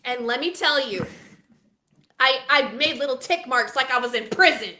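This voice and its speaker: A woman co-hosting a casual baseball podcast, high and bright in tone. She talks in a dramatic, self-mocking, animated way. The room around her sounds echoey. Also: normal speed, a little hiss or hum. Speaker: podcast co-host. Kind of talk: casual sports podcast chat.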